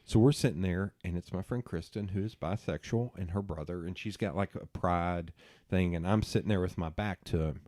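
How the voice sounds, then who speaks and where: A middle-aged man hosts a casual podcast chat, telling long stories with a lot of swearing. His voice is low and mellow. The sound is dry and close. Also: moderate pace, no room sound. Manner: animated storyteller, swearing, laughing at himself. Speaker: podcast host.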